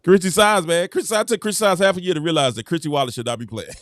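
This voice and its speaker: A man hosting his own show, giving casual sports commentary in an animated way, laughing often and repeating himself. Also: fairly high pitch, fast talker, dry recording, studio quality. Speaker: show host.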